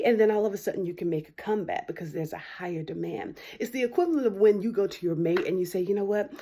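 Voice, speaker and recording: A woman's voice: brisk, hardly any pauses, warm tone. A woman lawyer giving opinion commentary, making an argumentative case and often asking "right?". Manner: argumentative, frequent tag "right?"; acts out quoted voices with big pitch jumps.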